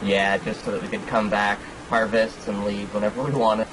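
A man's voice: lowish voice, level tone, normal speed, fairly bright tone, a little hiss or hum, poor audio. A man, a guest player, chatting casually and easygoing during a game tour. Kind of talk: casual gameplay chat.

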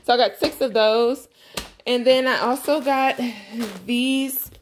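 A woman's voice: sits high, fairly even intonation, takes it slowly, background noise. A young woman talking casually to her viewers from her home kitchen, chatty and blunt, calling them y'all. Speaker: vlogger. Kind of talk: casual grocery haul vlog. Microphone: camera mic.

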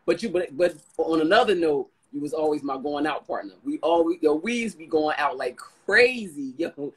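Husky-voiced woman telling stories, slangy. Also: deep voice, moderate pace, few pauses, poor audio. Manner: animated, slangy storytelling. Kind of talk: casual chat.

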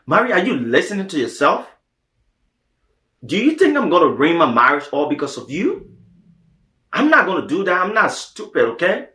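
A man's voice: medium pitch, sing-song, normal speed, long pauses, fairly bright tone. An actor with a Liberian English accent playing an evasive married man, defensive and pleading with both his wife and his mistress. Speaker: married husband. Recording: echoey room.

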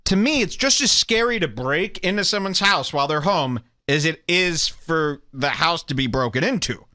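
A man's voice: on the high side, animated, moderate pace, hardly any pauses, pushed and bright, dry recording, studio quality. Sarcastic crude-talking male podcast host. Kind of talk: comedic podcast rant.

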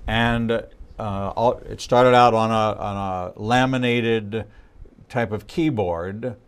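A man hosting a faith interview show, explaining things to the audience in a deliberate, measured way. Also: on the low side, fairly even intonation, clear, resonant tone. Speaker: rabbi host. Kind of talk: interview host.

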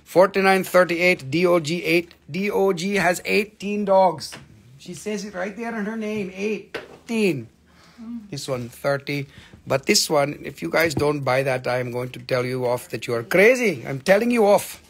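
A man's voice: sits high, a little slow, creaky. A man hosting a live mineral sales stream, talking in a joking, rambling, playful way as he announces prices. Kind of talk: casual live selling banter.

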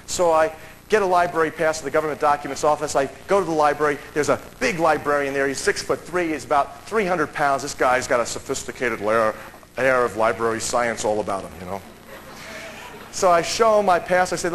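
A man telling a story to an audience, acting out the dialogue with raised voices and dropping to a hush. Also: a little hiss or hum, rough recording. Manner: acts out dialogue with raised pitch, drops to a hush. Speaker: speaker at a seminar. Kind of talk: animated storytelling talk.

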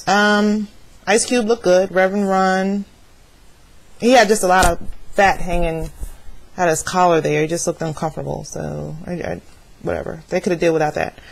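A woman's voice: on the low side, steady tone, normal speed, creaky, low-quality recording. A woman in her thirties giving a blunt, profane, gossipy rundown to her camera in a casual vlog from home. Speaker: vlogger reviewing an awards show. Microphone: webcam with plugged-in microphone.

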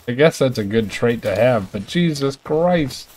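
A man's voice: mid-range voice, a little slow. A man giving live commentary while playing a video game, calling out to his creatures and yelping when enemies chase him. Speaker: gamer.

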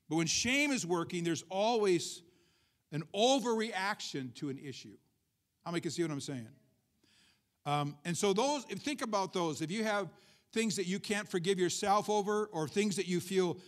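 A man preaching a Sunday sermon in a relaxed, conversational way, with a voice that sits noticeably high for a man. He keeps checking in with the congregation with quick questions and drops light joking asides between his points. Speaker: pastor. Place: church service.

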